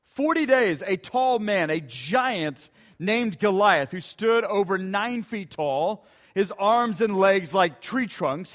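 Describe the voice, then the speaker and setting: Brief: male pastor, high-pitched, unhurried sermon storyteller. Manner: emphatic storytelling with dramatic repetition.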